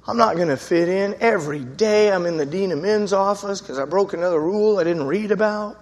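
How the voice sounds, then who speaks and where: A man preaching, telling his testimony as a lively story, acting out the voices of the people in it. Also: high-pitched, fairly quick, hardly any pauses, long reverb tail. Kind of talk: storytelling sermon.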